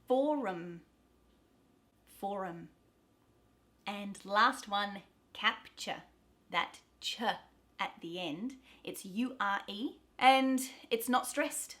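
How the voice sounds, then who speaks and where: An Australian woman teaching pronunciation, repeating example words slowly and clearly. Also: medium pitch, pushed and bright. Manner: demonstrates words slowly, repeating each several times. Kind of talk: pronunciation lesson.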